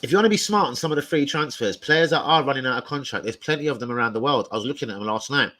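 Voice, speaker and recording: Young bloke ranting about football on a livestream, forceful bright voice, swears a lot. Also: male voice, mid-range voice, very fast, poor audio. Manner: loud, sweary, excitable and jokey. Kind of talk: live football rant to viewers.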